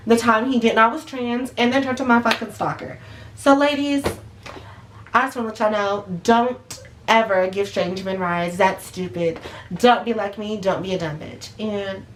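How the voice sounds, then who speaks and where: A woman's voice: a little high, slight background noise. A woman telling a storytime vlog in a blunt, profane and emphatic way. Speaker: vlogger. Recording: roomy echo.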